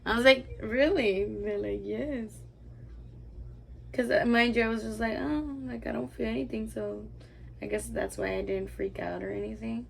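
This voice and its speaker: Doing her makeup, a young beauty vlogger tells a personal story in a chatty, rambling way, saying "like" constantly. Her voice is a little high with vocal fry, her tone steady and her speed normal, and a little hiss or hum sits underneath.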